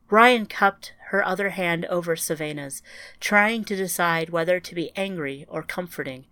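A woman narrating a scripted audiobook in a quiet, even storytelling manner. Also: fairly low pitch, moderate pace, no room sound.

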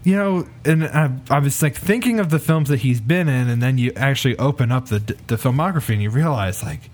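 A man's voice: mid-range voice, lively intonation, a little fast, a little mellow. Rambling man in casual chat. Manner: rambling, restarts, casual swearing. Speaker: podcast co-host.

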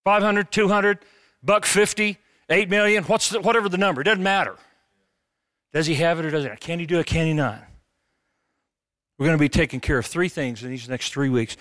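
A middle-aged man preaching a sermon as a pastor, animated and conversational, with jokes. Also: fairly high pitch, a little fast, pauses often, dry recording, clean studio sound.

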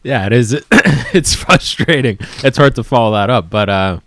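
A man co-hosting a football podcast, explaining events in a halting, casual way with frequent fillers. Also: fairly low pitch, a bit bright.

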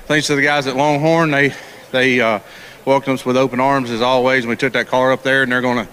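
A man talking at the track just after winning a race, a little out of breath, halting and restarting often. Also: medium pitch, little pitch movement, a bit bright, a little hiss or hum. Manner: halting, many restarts and thank-yous. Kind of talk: post-race victory interview. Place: outdoor racetrack.

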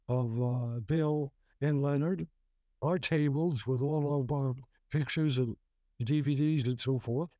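A man's voice: fairly high pitch, mellow, dry recording. An older man, a guest actor, telling stories in an interview, rambling with many restarts. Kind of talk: storytelling interview.

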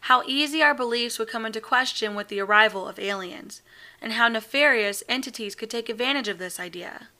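A woman opens a fiction podcast as its host, reading a scripted introduction in a clear and welcoming way. Her voice is bright and fairly high. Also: brisk.

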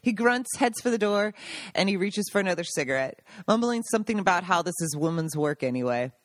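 A woman's voice: fairly low pitch, expressive, brisk, dry recording. A woman reading aloud from her own memoir, stopping now and then for personal asides and laughter. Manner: breaks off the reading for emotional asides, laughing and choked up.

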